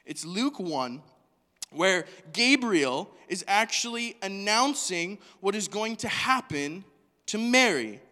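Animated bright-voiced preacher in reverb. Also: male voice, high-pitched, slow pace. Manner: animated, questioning the congregation, acting out voices. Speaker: pastor. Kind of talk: sermon. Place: church hall.

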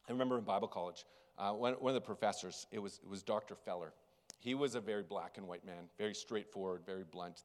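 A man preaching a sermon as pastor, telling a story with big swings between loud and hushed. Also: on the low side, fast talker. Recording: long reverb of a large hall.

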